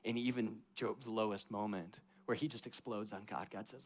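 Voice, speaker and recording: Man, young adult, youth pastor, casual storytelling sermon, fairly low voice, loud-to-hushed delivery. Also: steady tone, normal speed, few pauses, a little hiss or hum. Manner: conversational, many "like" fillers, swings between loud and hushed. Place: church youth service.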